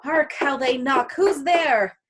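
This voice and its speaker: A woman's voice: sits high, slow. A woman reading aloud as a stern, lecturing older male friar in a casual play reading, with an emphatic, scolding delivery. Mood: urgent.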